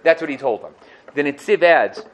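Lively high-pitched man teaching Torah. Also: moderate pace, muffled recording. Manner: animated, acts out the quotes he cites; asks his listeners questions. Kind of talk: Torah lesson.

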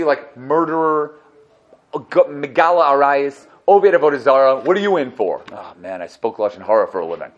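A man giving a casual Torah class, animated and joking, who acts out little dialogues as he explains. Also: a little high, dull audio. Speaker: Torah teacher.

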